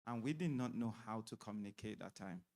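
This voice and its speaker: A man's voice: lowish voice, expressive, a little fast, creaky, darkish tone. A man speaking at a church marriage seminar in a conversational way, explaining things with everyday examples.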